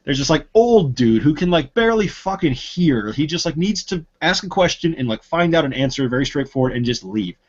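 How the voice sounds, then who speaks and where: A man telling stories in casual podcast chat, swearing a lot and getting loud and indignant. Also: fairly high pitch, sing-song, fairly quick, hardly any pauses. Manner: ranting storyteller, swears often, gets loud and indignant. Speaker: podcast co-host. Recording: dull lo-fi sound.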